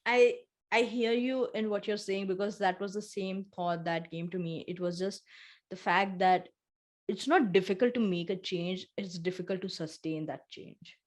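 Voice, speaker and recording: A woman's voice: medium pitch, fairly even intonation, normal speed. A woman co-hosting a casual heart-to-heart conversation, talking in an earnest, reflective way and vividly retelling her own feelings. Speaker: podcast co-host.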